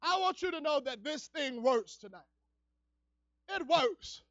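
A male evangelist preaching in church, his voice very high and sharp with a bright edge. He drops to near-murmurs and then climbs into fervent shouting. The recording is dry and dull, with a lo-fi feel. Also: animated, a little slow, no room sound. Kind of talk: fiery preaching. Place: church service.

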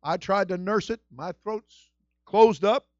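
A middle-aged male pastor preaching a sermon with passion, moving between hushed storytelling and shouted exclamations. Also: high voice, a little slow, dry recording, lo-fi sound. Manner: exclaims "whew" and "woo".

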